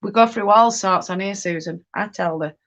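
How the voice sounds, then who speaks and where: A woman's voice: mid-range voice, normal speed, fairly bright tone, lo-fi sound. A woman hosting a casual live stream from home while knitting. She chats and reads viewer comments aloud, reacting to them as she goes. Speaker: livestream host.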